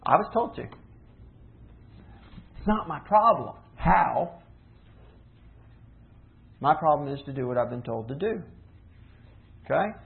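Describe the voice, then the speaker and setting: A man preaching a sermon, teaching earnestly with rhetorical questions and slowing down for emphasis. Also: on the high side, big pitch swings, creaky. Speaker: pastor. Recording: tinny phone-like sound.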